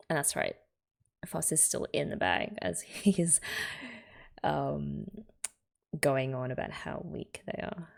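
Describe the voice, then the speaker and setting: A woman's voice: deep voice, sing-song, takes it slowly, vocal fry, pauses often. An Australian woman hosting a reaction video, reading a manga aloud and chatting through it with laughing, whispered asides.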